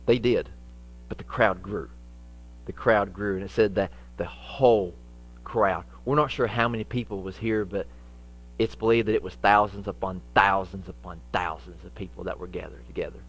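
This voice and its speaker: A pastor preaches at a normal speed in a low-pitched, steady voice. His folksy sermon leans on repeated phrases and shifts dramatically between loud and hushed moments.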